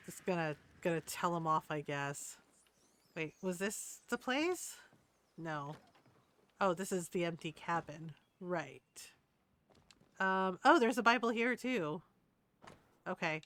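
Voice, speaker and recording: A woman's voice: fairly low pitch, lively intonation, slow pace, long pauses, fairly bright tone. Woman streamer rambling thru a game, chatty, gets indignant at times. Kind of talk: casual gameplay commentary.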